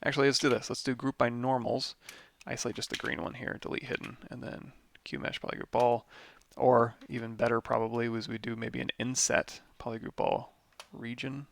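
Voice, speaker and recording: A tired man with a lot of vocal fry, teaching a live software tutorial and thinking aloud as he works through menus. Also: medium pitch, level tone, a little fast. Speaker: 3D modeling instructor.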